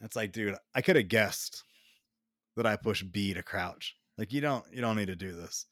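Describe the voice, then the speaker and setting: A young adult man co-hosting a casual podcast chat, ranting in a slow drawl and swearing freely. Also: lowish voice, a bit bright, no room sound, clean studio sound. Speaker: podcast co-host.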